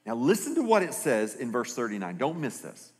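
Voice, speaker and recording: An American man preaching a sermon as pastor in a church, animated and acting out bible characters in raised voices. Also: medium pitch, fairly quick. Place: church hall. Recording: reverberant church hall.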